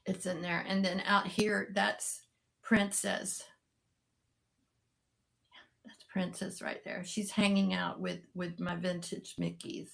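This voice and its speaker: A woman's voice: on the low side, level tone, slow, gravelly, long pauses. A middle-aged woman, chatting casually and rambling to live viewers, greeting them by name. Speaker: live-sale seller and vlogger.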